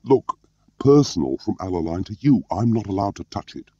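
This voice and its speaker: A man's voice: low voice, big pitch swings, normal speed, mellow, no room sound, pitched above the performer's own voice. A man voicing a wary, rule-bound male cipher clerk who talks in a matter-of-fact, objecting way, in a muffled recording.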